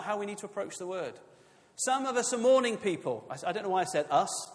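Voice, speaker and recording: A man delivers a sermon in an easygoing yet emphatic manner, breaking into asides with his listeners. His voice sits a little high for a man. The sound carries a long reverb like a large church hall. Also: sing-song, fairly quick. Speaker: preacher.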